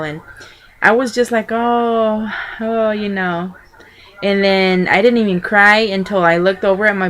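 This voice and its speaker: A woman's voice: on the low side, fairly bright tone, slight background noise. A young woman vlogger casually telling a personal story, rambling and chatty with lots of fillers and restarts.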